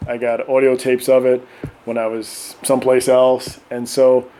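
A middle-aged man telling animated stories in casual podcast chat, often acting out voices and laughing. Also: medium pitch, a little slow. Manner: animated, acts out voices of his kids and himself, laughs often. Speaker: podcast guest.

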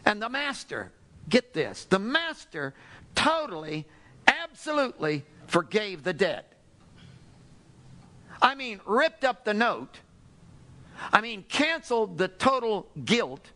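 A man preaching a sermon to a congregation, telling a parable with animated storytelling and acting out the characters. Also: sits high, takes it slowly, pauses often. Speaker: pastor.

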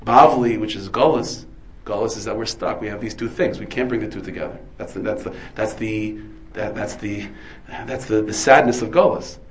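A man's voice: fairly low pitch, moderate pace, few pauses, poor audio. A man, a rabbi, giving a Torah lecture full of Hebrew terms, asking and answering his own questions. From United States. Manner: dense with Hebrew and Yiddish terms.

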